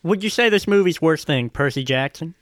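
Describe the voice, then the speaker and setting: A man's voice: a little high, animated, fairly quick, a bit bright, dry recording, clean studio sound. A man on a casual movie review podcast, inquisitive, asking the others questions.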